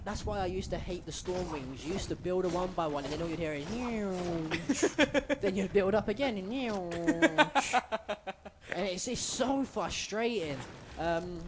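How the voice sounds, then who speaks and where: Chatty high-voiced male color commentator. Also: heavy background noise. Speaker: esports co-caster. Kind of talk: live game commentary. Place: live event venue.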